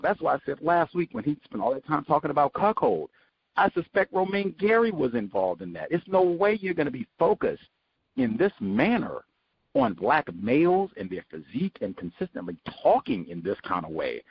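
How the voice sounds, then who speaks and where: A man hosting a book study show, giving sarcastic, animated commentary as he reads. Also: a little high, gravelly, breathy edge, dull audio. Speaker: host.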